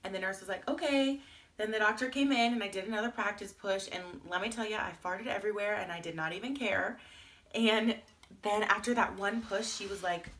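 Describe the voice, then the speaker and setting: A woman's voice: medium pitch, steady tone, a little fast, fairly bright tone. A young woman vlogger telling her story in a chatty, candid way, full of "like" fillers. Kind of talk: casual storytime vlog.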